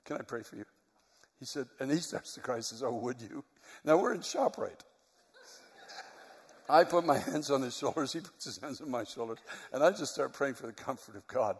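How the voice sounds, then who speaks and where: Male pastor, middle-aged, earnest sermon storyteller, medium pitch, long reverb of a large hall. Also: lively intonation, normal speed, pauses often.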